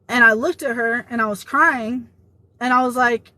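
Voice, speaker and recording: A woman with a slightly high voice tells a personal story straight to the camera. She speaks casually and with feeling, acting out the quoted lines of the people in her story as she goes. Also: moderate pace, dry recording, poor audio. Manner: emotional, animated retelling with quoted dialogue. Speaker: vlogger.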